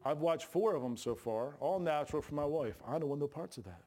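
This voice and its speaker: A man's voice: a little high, animated, brisk, dark tone. A man preaching a sermon in a church, folksy and joking, with plain colloquial grammar. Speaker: pastor. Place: church sanctuary. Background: congregation responses.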